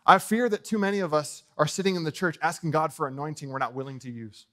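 A fast-talking pastor with a slightly high voice delivers a fiery sermon in a church sanctuary. He shifts from booming declarations to soft asides and jokes with his congregation.

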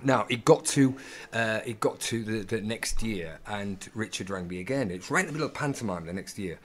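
A man's voice: on the low side, fairly quick. A male actor telling stories in a casual interview, acting out the dialogue as he goes. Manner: animated storyteller acting out dialogue. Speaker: actor, podcast guest.

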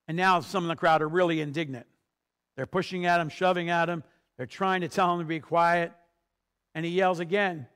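A man with a fairly high voice preaches a sermon. He tells the story with energy and climbs to loud, emphatic moments. He also drops to quiet, low passages. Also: fast. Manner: storytelling, rising to emphatic peaks. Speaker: pastor.

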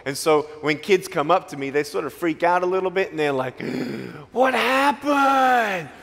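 An Australian motivational speaker addresses students in a large school hall, his fairly high voice moving a little fast. He's playful and joking, a lively storyteller.

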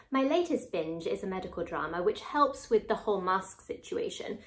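A woman's voice: mid-range voice, lively intonation, normal speed, fairly bright tone. A young woman hosting an upbeat scripted vlog, playful and theatrical, with bursts of mock outrage. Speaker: host. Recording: roomy indoor sound.

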